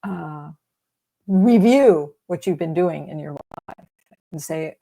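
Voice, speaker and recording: A woman grief coach speaks as a podcast guest, her voice sitting a little low. She explains things reflectively, pausing with fillers as she thinks aloud in a casual conversation. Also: lively intonation, vocal fry, warm tone. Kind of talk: casual interview chat.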